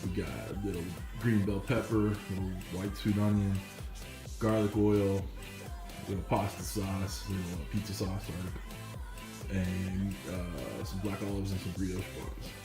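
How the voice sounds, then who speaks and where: Deep, flat man giving a casual recap. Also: measured pace. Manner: casual, lists items one by one. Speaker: cooking channel host. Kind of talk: ingredient recap voice-over. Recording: roomy echo with music under the voice.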